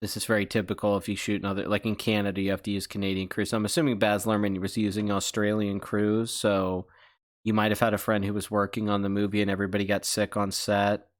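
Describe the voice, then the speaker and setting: A man's voice: on the low side, flat delivery, fast. A man hosting a casual livestream, rambling through chat questions with profane joking accusations. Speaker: channel host.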